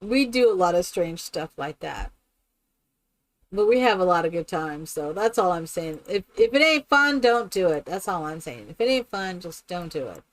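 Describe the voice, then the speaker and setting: A woman streaming a game who chats casually and tells stories in an animated way. She laughs often and keeps asking "right?". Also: fairly low pitch, normal speed. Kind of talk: casual chat while playing a game.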